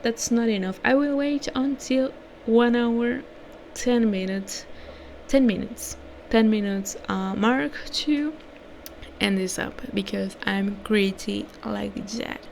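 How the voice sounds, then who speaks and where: A young woman whose first language is Spanish wraps up a vlog in a loose, rambling way. She keeps correcting herself and sometimes drops to a whisper. Her voice has a gravelly fry, and there is a faint hiss of noise behind her. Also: fairly high pitch, unhurried, a little mellow. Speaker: vlogger. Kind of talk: casual rambling vlog outro.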